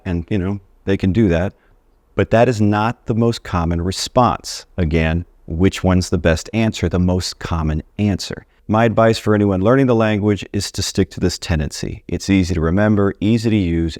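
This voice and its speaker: A man with a low voice gives a casual video lesson on Spanish grammar and talks straight to his viewers in a friendly, chatty way. The sound is dry and close, with no room in it. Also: a little mellow, no echo. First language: English. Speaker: Spanish teacher.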